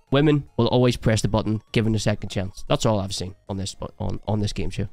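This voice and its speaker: A man's voice: fairly low pitch, fast, vocal fry, hardly any pauses, darkish tone, dry recording, faint music behind. Blunt, joking man reacting to a clip. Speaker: reaction video host. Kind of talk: casual commentary.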